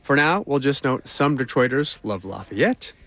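Reporter narrating a news feature. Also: male voice, medium pitch, expressive, fairly bright tone. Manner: measured, conversational storytelling.

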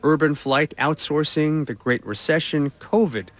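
A male reporter narrating a news feature in a measured, conversational way. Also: a little high.

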